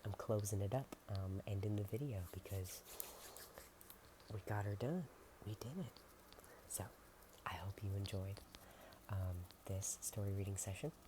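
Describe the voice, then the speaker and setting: A soft-spoken ASMR narrator reading a storybook aloud, slipping into whispers and making playful asides. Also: sits low, a little slow, long pauses, noisy background.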